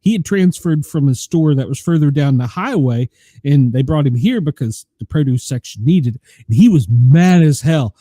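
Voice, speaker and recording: Middle-aged male podcast host from the US South, high and lively voice, chatty storyteller who laughs often, dry mic. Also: moderate pace, no echo. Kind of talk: casual chat.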